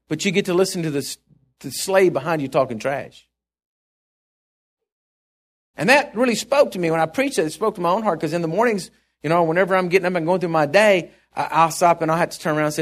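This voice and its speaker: A man's voice: on the high side, lively intonation, fast talker. A middle-aged male pastor preaching a sermon, telling stories in a rambling, chuckling way with many restarts.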